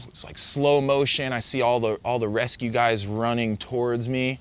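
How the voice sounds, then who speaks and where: A man telling the story of a surfing wipeout in a casual, halting way, full of fillers and quoted thoughts. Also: medium pitch, steady tone, smooth. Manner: vivid, halting retelling with many fillers and self-quotes. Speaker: surfer recounting a wipeout.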